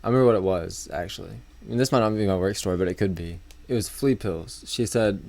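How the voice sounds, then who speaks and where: A man's voice: low-pitched, fast talker, gravelly, hardly any pauses, a little mellow. A young man co-hosting a podcast, chatting casually with a dry, sarcastic manner and frequent laughs. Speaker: podcast co-host. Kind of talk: casual chat.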